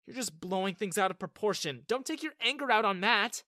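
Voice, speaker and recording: A woman voicing a blunt, protective young woman with a sharp, scoffing way of talking. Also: mid-range voice, animated, fairly quick, no echo, clean studio sound, pitched above the performer's own voice. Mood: scornful.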